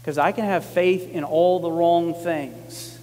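A man's voice: a little high, takes it slowly. Male pastor, conversational sermon, emphatic repetition, recorded in a church with a long echo. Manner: conversational, animated when quoting, emphatic repetition.

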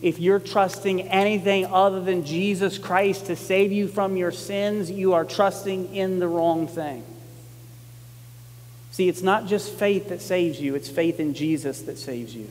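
A man's voice: sits high, unhurried, a little hiss or hum. Male pastor, conversational sermon, emphatic repetition, recorded in a church with a long echo. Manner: conversational, animated when quoting, emphatic repetition.

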